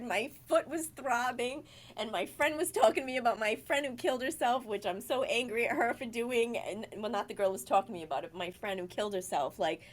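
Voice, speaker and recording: A woman from Rhode Island, a guest in a casual interview, animatedly telling a dramatic personal story. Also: a little high. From Rhode Island, USA.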